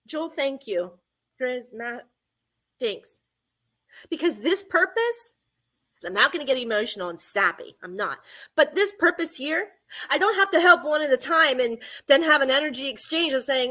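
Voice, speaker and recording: Woman radio host, fervent affirmations, bright tone. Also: sits high, animated, normal speed. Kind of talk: inspirational radio talk.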